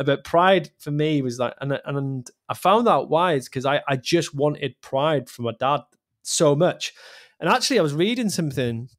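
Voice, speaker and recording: A man co-hosting a podcast, talking in a rambling, candid and emotional way, swearing now and then. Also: medium pitch. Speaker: podcast co-host. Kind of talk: casual chat.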